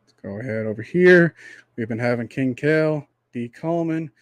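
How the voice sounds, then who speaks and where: Heard with no room sound, the medium-pitched voice belongs to a young man hosting a livestream. His monologue is a preachy rant, full of repetitive rhetorical asides and one long, drawn-out metaphor, and his voice is growing tired from speaking at length.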